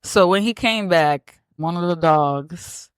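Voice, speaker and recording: Animated woman recapping a movie. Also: on the low side, slow, clean tone, no echo, studio quality. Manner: animated storyteller, acts out characters, blunt and profane. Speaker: podcast co-host. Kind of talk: casual movie recap chat.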